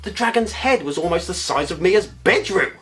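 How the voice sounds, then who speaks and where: A man narrating a bedtime story in a playful, expressive way, with comic asides. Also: high-pitched, normal speed, soft background music.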